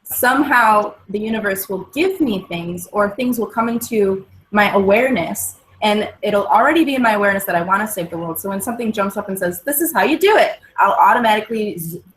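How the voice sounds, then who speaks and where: A woman's voice: medium pitch, lively intonation, fairly quick, few pauses, a bit bright, slight background noise, rough recording. A woman, a guest on a wellbeing talk show, explaining positive self-talk and mantras in an earnest, casual way. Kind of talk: casual chat.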